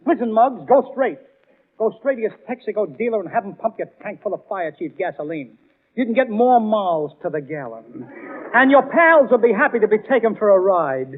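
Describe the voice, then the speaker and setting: A man hosting a 1930s radio comedy show, wisecracking and excitable. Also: high-pitched, fairly quick. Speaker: comedian host. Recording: tinny 1930s radio broadcast with music.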